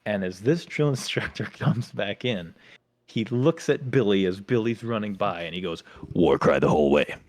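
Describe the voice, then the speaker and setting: A man co-hosting a podcast, telling a lively story about his days as a Marine and acting out his drill instructors. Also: on the low side, moderate pace. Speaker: podcast co-host; former Marine. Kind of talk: casual storytelling chat.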